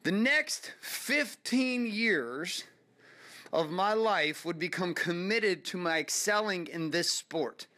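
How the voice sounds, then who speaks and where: A man in his forties from California hosts his podcast with a motivational monologue. His voice sits high and sounds forceful and bright. He speaks with emphasis, building intensity as he goes. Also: lively intonation, takes it slowly. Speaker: podcast host.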